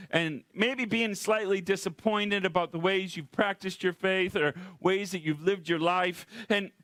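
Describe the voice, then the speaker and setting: A man's voice: high-pitched, bright, forceful tone, smooth, no echo. A man preaching a conversational sermon as pastor, often repeating rhetorical questions to the congregation. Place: church.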